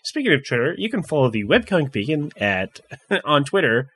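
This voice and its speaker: Lively bright-voiced male podcast host. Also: on the high side, fairly quick, slightly rough. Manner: laughs often, rambling with restarts. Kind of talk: casual podcast chat.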